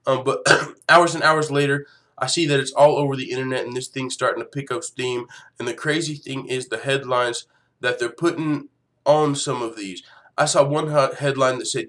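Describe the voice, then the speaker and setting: A man's voice: mid-range voice, moderate pace. A man hosting a fight news show, ranting casually with lots of swearing and laughter. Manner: profane, animated, laughs often. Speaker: MMA news show host. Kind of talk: casual commentary rant.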